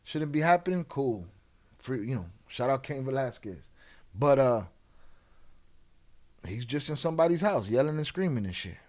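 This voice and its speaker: A man's voice: mid-range voice, animated, normal speed, pauses often. A man hosting a live show, giving casual, profane commentary in street slang on crime videos. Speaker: host.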